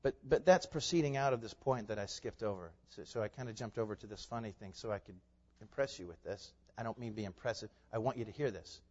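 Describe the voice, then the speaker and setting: A man preaching a sermon, animated, with loud emphatic peaks and laughing asides. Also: on the low side, quick pace. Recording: dull reverberant hall sound.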